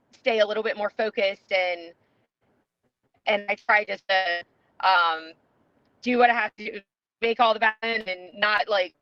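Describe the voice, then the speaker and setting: A woman's voice: medium pitch, no room sound, muffled recording. A woman guest on a podcast, talking casually in a rambling way with many fillers and restarts. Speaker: podcast guest, competitive player. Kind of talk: casual interview chat.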